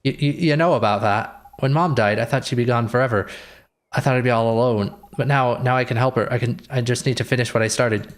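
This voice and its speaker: A man's voice: mid-range voice, brisk, lightly acted. A man reading the lines of an earnest young boy hero in his own everyday voice. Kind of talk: reading game dialogue aloud.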